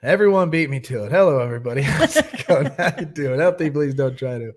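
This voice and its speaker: A man's voice: on the high side, fast talker. A young man hosting a nightly recovery livestream, chatting casually and greeting viewers by name.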